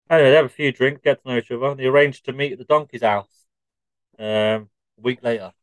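A man co-hosting a podcast, with a mid-pitched voice and a dry, flat delivery. He tells long shaggy-dog stories unhurriedly. The sound is close and dry. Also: no room sound, rough recording. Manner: deadpan, drawn-out shaggy-dog storytelling. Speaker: podcast co-host. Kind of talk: joke-telling podcast chat.

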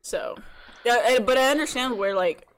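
A woman's voice: fairly high pitch, normal speed. A young woman leads a casual word-guessing drinking game among friends. She talks in a giggly, playful way, reading out words and handing out points.

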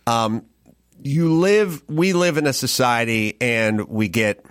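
A man in casual podcast chat, drawing out his phrases as he rambles through a story. The sound is close and dry, and his pitch sits in the middle range. He slips into quoted back-and-forth lines. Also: takes it slowly, clear, resonant tone, dry recording. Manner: acts out dialogue in quotes. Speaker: podcast host.

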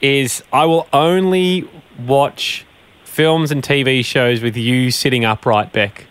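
A man's voice: mid-range voice, fairly even intonation, slow pace, fairly bright tone, clean tone. A man co-hosting a comedy show, easygoing and setting up bits in casual banter. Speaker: radio comedy co-host.

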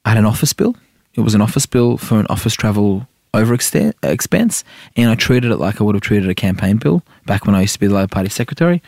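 Casting: middle-aged Aussie male guest, rapid rambler, lowish voice, dry studio sound. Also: animated, creaky, a little mellow, no room sound. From Iran. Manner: rapid, rambling, heavy fillers, asks "right?" often. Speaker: senator and podcast guest. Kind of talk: casual interview chat.

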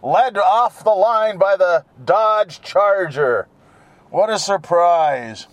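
A man's voice: high voice, slow pace, dry recording. A man talking on his own while driving, in a jokey, digressive monologue full of fillers. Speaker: solo talker. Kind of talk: rambling casual monologue. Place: inside a car while driving.

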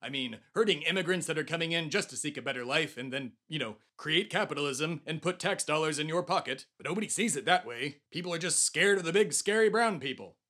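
A young podcast host from Texas goes on a mock-pompous, rambling rant, stumbling over his words on a satirical comedy show. He has a slightly high, sharp-toned voice.

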